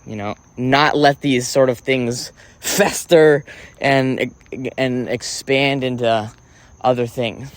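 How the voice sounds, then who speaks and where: A man's voice: mid-range voice, fairly even intonation, slow pace, clean tone, no echo. A man delivering a rambling comic monologue, theatrical and profane, often breaking off and restarting. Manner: theatrical, profane, self-interrupting. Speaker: vlogger.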